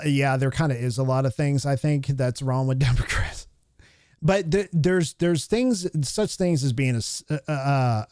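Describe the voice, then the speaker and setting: A man's voice: medium pitch, darkish tone, dry recording, clean studio sound. A man in his thirties hosting a live stream, ranting casually in a heated, rambling way with blunt, profane asides and many restarts.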